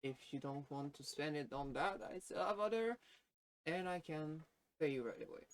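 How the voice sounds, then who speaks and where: A woman runs a tabletop role-playing session as its game master, her voice sitting a little low. She talks in a hesitant, halting way and pauses often on fillers. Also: expressive, poor audio. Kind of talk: narrating a tabletop game, voicing a shopkeeper.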